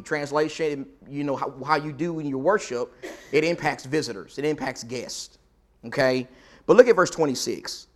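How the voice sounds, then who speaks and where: A male preacher delivering a sermon in a church auditorium. His voice sits a little high, and he talks to the pews conversationally. He reads scripture aloud with emphasis. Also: moderate pace.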